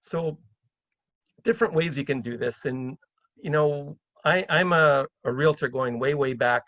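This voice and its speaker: A middle-aged man from Canada giving a chatty seminar talk on property deals, often acting out phone calls in a livelier, higher voice. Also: measured pace, a bit bright, no echo, highs cut off. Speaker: real estate investor speaking at a seminar.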